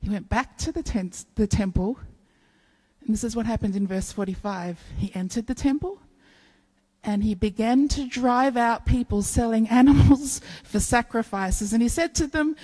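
A woman preaching a sermon, telling stories in an animated way and acting out playful bits of dialogue. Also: fairly high pitch, moderate pace, rough recording.

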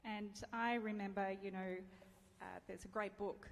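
A woman's voice: mid-range voice, fairly even intonation, moderate pace. A middle-aged woman giving a sermon, telling a personal story in a candid, self-deprecating way and laughing often. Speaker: preacher. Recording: reverberant hall, faint ambience.

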